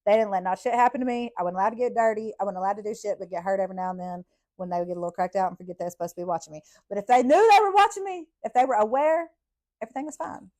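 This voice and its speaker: A woman, a podcast host telling childhood stories in a blunt, profane, animated way. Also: mid-range voice, racing. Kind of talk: casual storytelling.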